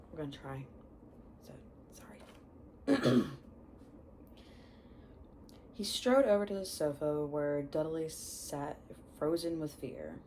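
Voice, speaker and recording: A young woman reads a book aloud at an unhurried pace, stumbling over words and correcting herself. Her voice is low, mellow and soft-toned. A faint background noise runs behind her. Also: poor audio. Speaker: reader. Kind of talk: storybook read-aloud.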